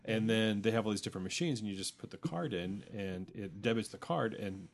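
A man's voice: fairly low pitch, animated, brisk, gravelly. A man co-hosting a podcast, chatting casually and a bit hesitantly about his weekend. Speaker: podcast co-host. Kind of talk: casual chat.

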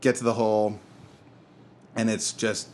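A man's voice: fairly low pitch, little pitch movement, a little slow, a little mellow, slight background noise. A man in his thirties co-hosting a casual podcast chat, telling rambling stories and laughing at them. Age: 30s. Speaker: podcast co-host.

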